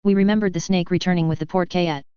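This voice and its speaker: A woman's voice: on the low side, steady tone, fast, clean tone, no echo, natural voice. A woman reading fan fiction aloud, voicing an exhausted, sardonic young male wizard with a clipped, dry drawl, on a dull lo-fi recording. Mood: dry, prickly.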